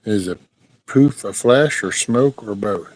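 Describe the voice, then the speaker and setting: A man's voice: lowish voice, unhurried, a little mellow, no echo, poor audio. A middle-aged man, hosting a casual livestream chat, rambling along and breaking off now and then to scold his dog. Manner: laid-back, rambling, scolds his dog mid-sentence. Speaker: livestream host. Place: at home near a backyard chicken coop.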